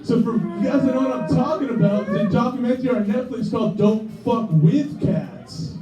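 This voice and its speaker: Crude stand-up comic, high voice. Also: male voice, sing-song, moderate pace, dark tone, lo-fi sound. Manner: crude, rambling, nervous asides. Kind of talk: stand-up set. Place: small comedy club. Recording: echoey club, far from the mic.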